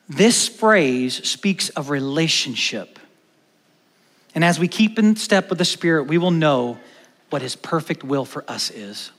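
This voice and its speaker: A man preaching a sermon as pastor, animated, moving between loud stresses and hushed emphatic lines, in a church hall. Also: a little high, normal speed. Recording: long church-hall reverb.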